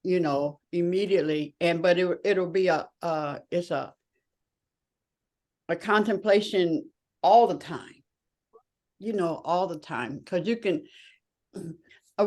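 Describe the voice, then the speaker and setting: A woman co-hosting a group talk, reflecting aloud in a halting way and searching for her words. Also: lowish voice, a little mellow. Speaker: co-host.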